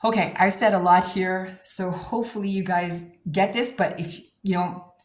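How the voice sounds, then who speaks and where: A woman coaching viewers on manifestation in a casual, blunt, animated way, swearing freely. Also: mid-range voice, moderate pace, roomy sound. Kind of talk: casual advice talk to camera.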